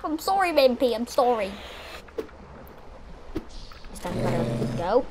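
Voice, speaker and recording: High, lively-voiced excitable gamer woman. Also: measured pace, background noise. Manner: excitable, chatty, exclaims at the game. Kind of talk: let's-play commentary.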